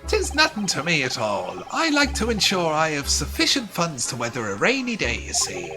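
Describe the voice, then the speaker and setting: Bombastic wealthy gent, wild put-on accent, big swooping pitch; a man plays him; game music under. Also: huge pitch swings, a little slow. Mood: blustering. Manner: theatrical, blustering, swooping pitch. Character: boastful rich middle-aged man, odd put-on accent.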